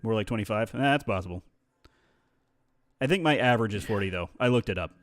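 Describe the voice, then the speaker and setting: A man's voice: fairly low pitch, expressive, fast talker, faint music behind. A man hosting a casual livestream chat, joking and laughing often. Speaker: streamer host.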